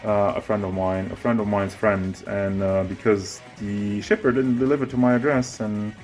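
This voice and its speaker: Rambling breathless man, soft music behind. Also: lowish voice, moderate pace. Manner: rambling, self-mocking, excitable. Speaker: toy collector showing his collection. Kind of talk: casual collection tour. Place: home with figure shelves, indoors. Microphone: handheld camera moving around.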